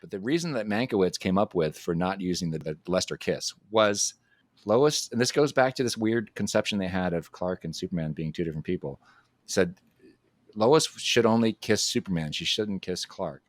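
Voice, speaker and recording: A man's voice: low-pitched, expressive, moderate pace, no echo, clean studio sound. A man, a podcast co-host, discussing a film casually and analytically, bringing up its production history.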